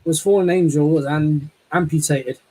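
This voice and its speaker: A man's voice: a little high, steady tone, unhurried, dark tone, slightly rough, low-quality recording. A man joining a casual podcast call as a guest, joking and repeating words for effect. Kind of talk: casual chat on a video call.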